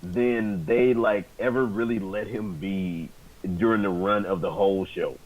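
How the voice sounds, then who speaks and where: A man's voice: fairly low pitch, unhurried, rough recording. A man co-hosting a casual movie review chat, laid-back, rambling and swearing. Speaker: co-host.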